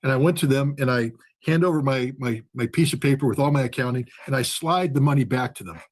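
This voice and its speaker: A man's voice: medium pitch, fast talker. A man, a former weapons inspector and ex-Marine, telling a story in conversation and acting out the dialogue.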